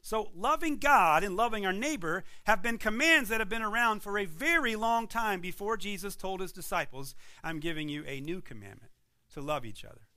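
Male pastor preaching, high bright voice, very animated, pushes hard then goes quiet. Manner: emphatic preaching with rising and falling intensity. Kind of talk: sermon.

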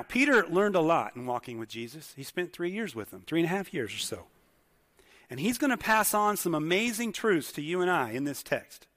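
Here a man with a high, somewhat bright voice gives a sermon in a conversational style. He questions the congregation often, and the church hall adds a long reverb.

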